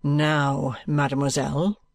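Male reader as a calm, patronising detective: deliberate and firm, fairly high voice, dry recording. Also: creaky, no echo, full character voice. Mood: cool. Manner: cool, deliberate and coaxing.

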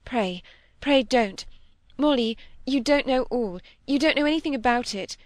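Distressed young woman, high-strung and pleading, voiced by a woman in a dry storybook reading. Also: animated, measured pace, no room sound. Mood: distraught. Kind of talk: audiobook character reading.

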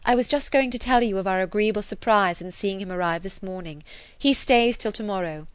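Woman reading as welcoming hostess, gentle, dry recording. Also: medium pitch, a little fast, clear, resonant tone, no room sound, lightly acted. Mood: pleasant. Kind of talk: audiobook character voice.

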